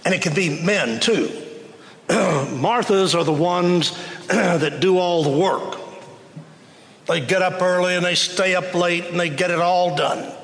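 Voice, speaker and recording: A man preaching a sermon, telling the story in a slow, conversational way. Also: high-pitched, fairly bright tone, in a large hall.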